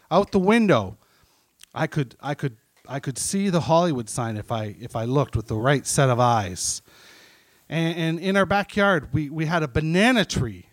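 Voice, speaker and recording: Guy hosting a comedy night on stage mic, corny puns, kinda high voice, dry sound. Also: no room sound. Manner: pun-based one-liners, halting delivery. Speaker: comedy show host. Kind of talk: stand-up emcee. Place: live comedy venue. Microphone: stage microphone.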